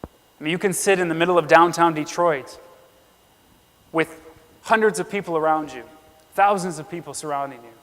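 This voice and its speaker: A man's voice: fairly high pitch, normal speed, pauses often, fairly bright tone. A man preaching an earnest sermon in a church, reading scripture aloud and acting out the quotes. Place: church sanctuary. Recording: long reverb of a church hall.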